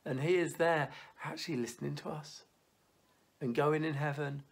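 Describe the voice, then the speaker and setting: A man in his thirties giving a church youth talk, telling stories in a lively way, then turning quiet and earnest, with some stumbling restarts. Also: fairly high pitch, normal speed, vocal fry.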